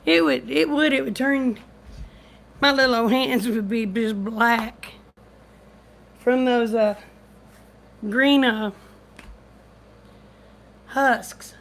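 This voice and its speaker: A folksy woman rambles through a casual livestream at home. She talks slowly, in a fairly high voice, and sounds a little short of breath. It is picked up on a phone or computer mic. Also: vocal fry. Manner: folksy, chatty, rambling storyteller. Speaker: vlogger. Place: at home, indoors.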